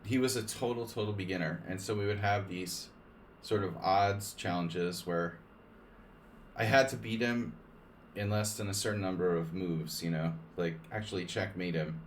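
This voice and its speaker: A man's voice: deep voice, moderate pace, far from the mic, a little hiss or hum. A man casually explaining chess to viewers during a live stream, rambling with lots of fillers.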